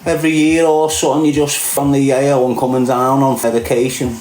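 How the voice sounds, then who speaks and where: A man's voice: mid-range voice, flat delivery, fairly quick, a little mellow, echoey room, faint music behind. Blunt, mocking Scouse man. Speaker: commentary vlogger. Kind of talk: mocking commentary.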